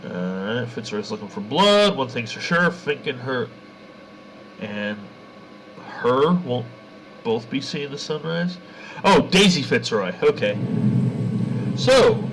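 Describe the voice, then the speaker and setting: A man with a stuffed-up nose from a head cold, chatting casually while he streams a shooter game, with excitable bursts between rambling recaps. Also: medium pitch, measured pace, long pauses, a little hiss or hum, low-quality recording. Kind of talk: casual gameplay commentary.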